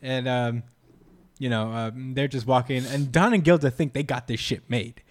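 A man's voice: mid-range voice, steady tone, normal speed. A man co-hosting a podcast, recapping a manga chapter in rambling casual chat full of "uh"s. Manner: rambling, many "uh"s, laughs often. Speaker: podcast co-host.

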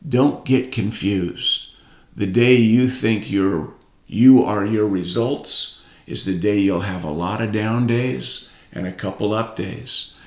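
A man's voice: lowish voice, slow, roomy sound. A man giving a motivational talk as a coach, repeating a catchphrase and urging listeners to say it with him.

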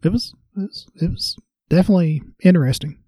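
A man's voice: high-pitched, expressive, fast talker, mellow, no room sound, clean studio sound. A man, chatting casually, laughing often and making teasing quips. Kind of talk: casual chat.

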